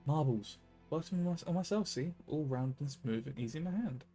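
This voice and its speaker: A man's voice: fairly high pitch, animated, moderate pace, dark tone, soft background music. A man voicing a good-natured miner uncle who teases his niece in a folksy way, reading game dialogue aloud. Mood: teasing.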